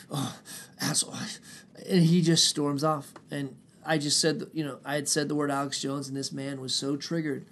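A man's voice: on the high side, a little hiss or hum. A man telling a long personal story in a casual, profane, rambling way, often quoting others. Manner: profane, rambling, animated retelling with quoted voices.

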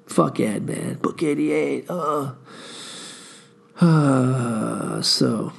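Gravelly, husky-voiced tired man. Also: mid-range voice, drawn-out words. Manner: profane, laid-back storytelling. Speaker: podcast host. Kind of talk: casual rambling monologue.

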